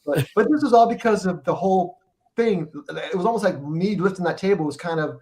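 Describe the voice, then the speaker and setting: A middle-aged man with a voice pitched a touch above the usual, spinning a loose and profane anecdote as a podcast guest. He rambles, trips over his words and starts his sentences again as he goes. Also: brisk, darkish tone. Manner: rambling, profane, restarts often. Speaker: guest musician telling a tour story. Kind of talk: casual storytelling in a podcast chat.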